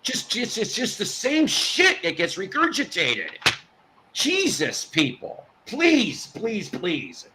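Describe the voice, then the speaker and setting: High, lively-voiced man ranting. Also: slow, background noise. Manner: ranting, exasperated, with restarts. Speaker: host. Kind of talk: casual live-stream chat.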